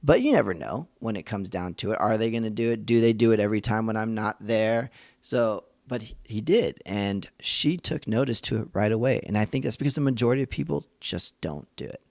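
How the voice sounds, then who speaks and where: Man, podcast host, earnest and conversational, gravelly voice, dry close sound. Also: lowish voice, a little fast, a little mellow, dry recording. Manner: earnest, conversational, thinking aloud. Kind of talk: reflective faith-based podcast monologue.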